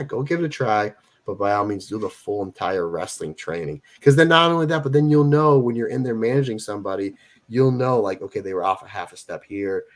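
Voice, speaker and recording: Emphatic low-voiced man in his forties. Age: 40s. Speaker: guest wrestler. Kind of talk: casual interview talk.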